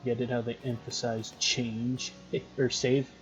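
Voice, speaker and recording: A man's voice: medium pitch, flat delivery, slow pace. A young man hosting a gaming channel, who reads on-screen game text aloud and comments casually as he plays. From Canada. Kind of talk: casual let's-play commentary. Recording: dull lo-fi recording with faint game music.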